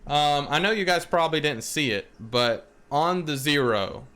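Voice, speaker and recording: Let's-play host, man, bright voice, rambling, musing commentary. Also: a little high, moderate pace, smooth. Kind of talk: casual game commentary.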